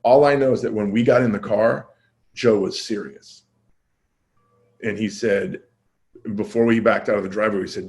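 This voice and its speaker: A male comedian telling a story as a podcast guest, casual and self-deprecating, acting out quoted dialogue with his voice jumping up and down. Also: a little fast. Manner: animated, acts out quoted dialogue with jumps in pitch.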